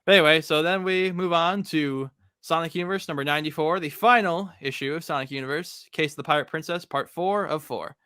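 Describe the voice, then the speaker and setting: A man hosting a casual podcast chat, relaxed and rambling, with lots of ums and uhs. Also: on the high side, fairly quick, few pauses, smooth, no room sound, studio quality. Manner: relaxed, rambling, with many fillers. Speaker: podcast host.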